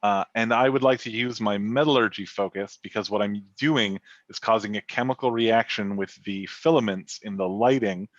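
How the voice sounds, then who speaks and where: A man's voice: fairly low pitch, normal speed, few pauses, dry recording, muffled recording. A man playing a tabletop role-playing game, talking casually and stumbling over restarts. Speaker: player.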